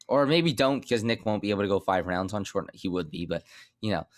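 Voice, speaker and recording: A young man with a low, deep voice talks sports in a blunt, joking way. He sounds close and dry, with no room around him. It is loose podcast chat between co-hosts. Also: lively intonation, brisk, dry recording. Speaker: podcast co-host.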